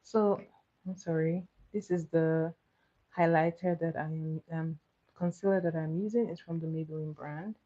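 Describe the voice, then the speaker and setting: A woman's voice: low voice, steady tone, moderate pace, dark tone. Chatty woman on a makeup livestream. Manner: chatty, answers viewers' comments, laughs often. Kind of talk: casual live chat while doing makeup. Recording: slightly muffled, dull sound.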